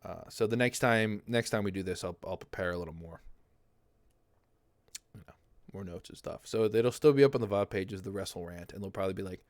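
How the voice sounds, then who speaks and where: A man's voice: sits low, brisk, no room sound, clean studio sound. A young man hosting his own livestream, chatting casually and rambling from topic to topic. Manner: rambling, chatty, laughs easily. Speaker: livestream host. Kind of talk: casual chat.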